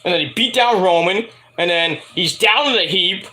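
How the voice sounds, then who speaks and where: A man's voice: high-pitched, normal speed, sharp tone. A man reviewing a wrestling show for his viewers, rambling and profane, with jokey asides. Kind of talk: casual rant to viewers.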